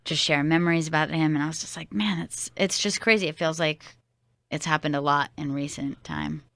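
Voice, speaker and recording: A woman's voice: low voice, steady tone, fairly quick, gravelly, a bit bright, dry recording. A woman co-hosting a radio talk show, chatting supportively and agreeing often. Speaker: radio co-host.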